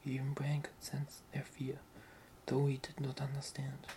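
A narrator softly whispering a fantasy novel aloud in whispered role-play, slow and even. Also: mid-range voice, slight background noise, rough recording.

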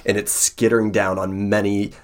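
A man's voice: fairly low pitch, flat delivery, normal speed. A man running a tabletop role-play game as game master, describing scenes with lots of fillers. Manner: filler-heavy, descriptive storytelling.

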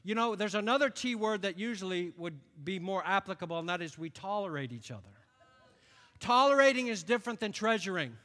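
High bright-voiced preacher in an echoing hall. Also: male voice, a little fast. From upstate New York. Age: late 50s. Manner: animated storytelling, acts out quoted voices. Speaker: pastor. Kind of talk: sermon. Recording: long reverb of a large hall.

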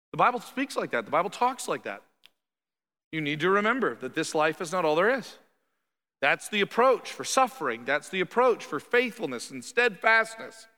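Animated pastor preaching in a hall. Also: male voice, sits high, normal speed. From Canada. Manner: conversational, animated, shifts into quoted voices. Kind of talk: sermon.

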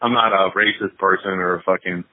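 A man's voice: low-pitched, fairly even intonation, a little fast, no room sound. Guy rambling thru a story on a podcast, cusses a ton, sounds tinny and dry like a phone line. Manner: rambling storyteller, swears a lot, laughs often. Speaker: podcast co-host. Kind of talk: casual podcast chat.

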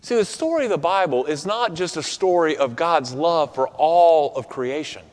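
A man preaching a sermon in an earnest tone, often dropping to a soft, quiet close on key words. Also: on the high side, animated, moderate pace. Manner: earnest, drops to soft quiet endings for emphasis. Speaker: pastor. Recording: reverberant hall.

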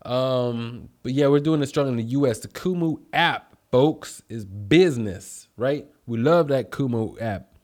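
An American man hosts a casual livestream, calling out viewers by name with upbeat energy. His voice sits at a medium pitch, and he drifts into rambling, chatty asides between greetings. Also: measured pace, a little mellow. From United States. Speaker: livestream host.

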